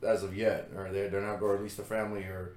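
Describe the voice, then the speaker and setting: Low-voiced man chatting in an echoey room. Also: fast. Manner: relaxed, reads facts aloud while looking them up. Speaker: podcast co-host. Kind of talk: casual chat.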